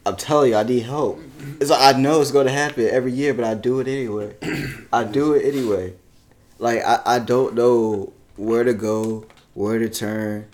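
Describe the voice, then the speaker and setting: A man's voice: mid-range voice, steady tone, moderate pace, darkish tone. A man in casual chat, rambling in a self-mocking, confessional way.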